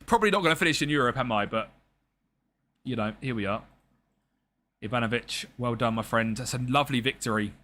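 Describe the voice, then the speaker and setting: Playing a football management game on stream, this young man keeps up a casual, jokey chat with viewers, addressing both the chat and the players in the game. He speaks fairly quickly at a medium pitch, pausing often, with a pushed, bright delivery.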